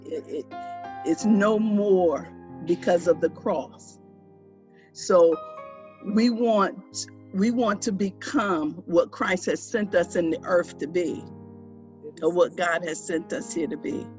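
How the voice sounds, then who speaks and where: A minister on a broadcast, preaching and leading listeners through a salvation prayer in a measured, prayerful way. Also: mid-range voice, dull audio, soft background music. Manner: slow, measured, prayerful delivery.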